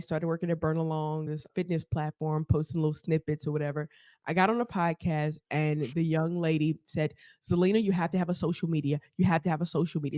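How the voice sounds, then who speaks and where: A woman, a therapist, telling her story as a podcast guest, animated and laughing often as she acts out quotes. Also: mid-range voice, no room sound, studio quality. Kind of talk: casual storytelling interview.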